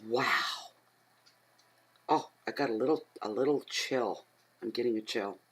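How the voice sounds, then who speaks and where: A woman's voice: very deep voice, fairly quick, husky, rough recording. Rambling chatty tarot reader, a woman. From Atlantic Canada. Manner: rambling, easily excited, talks aloud to herself. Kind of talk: casual chatty tarot reading.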